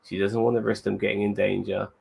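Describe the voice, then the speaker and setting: Low gravelly guy rambling through an episode recap, swears a lot. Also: level tone, quick pace, darkish tone, a little hiss or hum. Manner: rambling, profane, laid-back. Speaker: podcast host.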